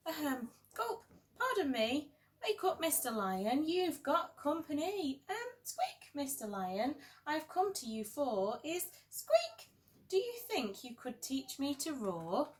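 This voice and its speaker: A woman voicing a small, timid male mouse who longs to roar, squeaky, hesitant and eager. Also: big pitch swings, takes it slowly, exaggerated voice.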